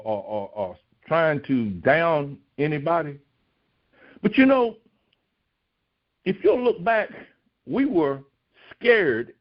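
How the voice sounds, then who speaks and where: Rhetorical questions fill a man's recorded devotional sermon, and he pushes his voice high to act out pleas. The audio is dull and lo-fi.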